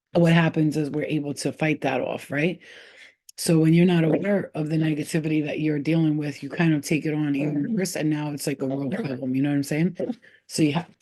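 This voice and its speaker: A woman's voice: low-pitched, warm tone. A woman hosting a casual spiritual livestream, talking bluntly in streetwise slang with plenty of swearing and stopping now and then to scold her cat. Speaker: spiritual healer and livestream host.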